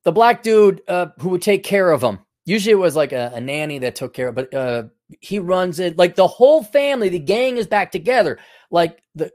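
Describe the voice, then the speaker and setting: A man's voice: sits high, sing-song, moderate pace, no room sound, studio quality. Rambling, profane male talk-show host. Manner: rambling, profane, full of restarts. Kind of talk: casual rambling commentary.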